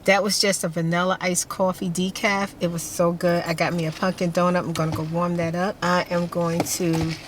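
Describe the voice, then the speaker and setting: A woman vlogger chatting casually to her viewers in a relaxed, rambling way. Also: lowish voice, normal speed, few pauses, noisy background. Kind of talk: casual vlog chat.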